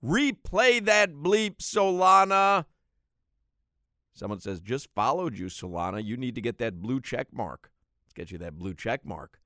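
A man's voice: on the low side, lively intonation, moderate pace, fairly bright tone, no room sound, clean studio sound. A man hosting a sports radio show, bantering with his co-host and reading listener texts aloud with big swings in energy.

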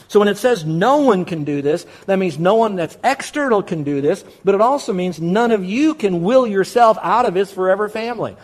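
Emphatic male pastor with a higher voice. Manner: emphatic, repeats key words, asks and answers his own questions. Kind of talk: sermon.

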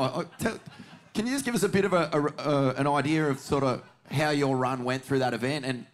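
A man's voice: mid-range voice, brisk, faint music behind. A middle-aged Australian man hosting a podcast, blokey and joking, swearing freely. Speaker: podcast host. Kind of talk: casual podcast chat.

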